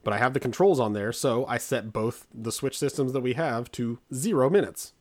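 A man's voice: medium pitch, normal speed, a little mellow. A man in his forties co-hosting a podcast, telling stories about his kids in a rambling, stop-and-start way. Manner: rambling, self-interrupting storyteller. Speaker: podcast co-host. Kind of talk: casual chat.

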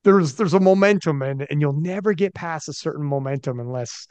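A man hosting a podcast, talking in an animated way with stumbling restarts and swearing. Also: a little high, a little fast, smooth, no echo. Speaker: podcast host. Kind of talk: casual podcast chat.

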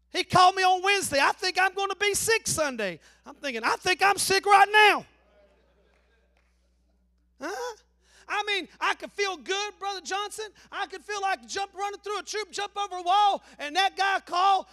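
A man with an Appalachian accent preaching a sermon in a folksy, joking way, swinging between loud preaching and low asides. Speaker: pastor.

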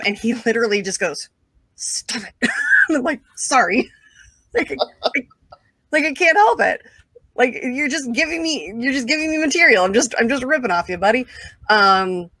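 Woman guest, casual storyteller, animated with lots of filler words; mid-range voice, dry close recording. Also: medium pitch, no echo. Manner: animated, filler-heavy, quick asides and laughs. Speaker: interview guest.

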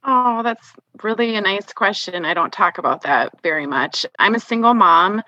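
A woman's voice: mid-range voice, animated, normal speed, bright, forceful tone, dry recording. A woman in her thirties with a Minnesota accent, chatting candidly as a podcast guest and often using "like" as a filler. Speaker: guest, financial planner. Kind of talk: casual podcast conversation. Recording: dull lo-fi remote audio.

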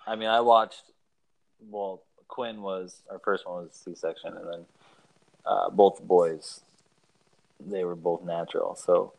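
Slow, gravelly low-voiced man. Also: rough recording. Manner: slow, relaxed, gravelly, listening with short replies. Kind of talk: casual chat.

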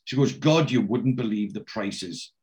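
A man's voice: on the low side, lively intonation, measured pace, darkish tone. A man co-hosting a casual chat, retelling scenes and quoting characters with lots of fillers and restarts. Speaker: podcast co-host recapping a TV episode.

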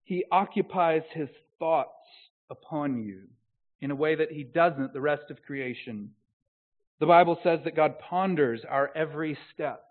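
A man preaching a sermon as a pastor, swinging from soft, close, earnest phrases to loud, slowed, emphatic proclamation. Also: fairly high pitch. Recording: tinny phone-like sound.

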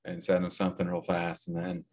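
A man's voice: low-pitched, completely flat delivery, fairly quick, a little mellow. A man chatting easily as a co-host of a casual podcast.

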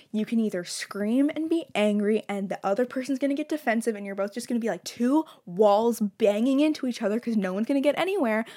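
A woman's voice: medium pitch, darkish tone. Candid, emotional young woman podcaster. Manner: open, emotional, swears freely, laughs mid-sentence. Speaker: podcast host. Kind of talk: candid casual monologue.

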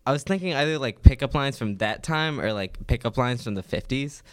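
A man's voice: medium pitch, lively intonation, brisk, clear, resonant tone, dry recording. A man on a podcast chatting casually and hesitantly, with plenty of fillers. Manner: laid-back, hesitant with many fillers. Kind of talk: casual comedy chat.

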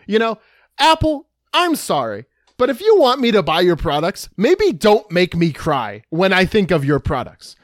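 A man co-hosting a podcast in casual chat, telling a story with animated, exaggerated dismay. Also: high-pitched, moderate pace, dry recording, clean studio sound. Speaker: podcast co-host.

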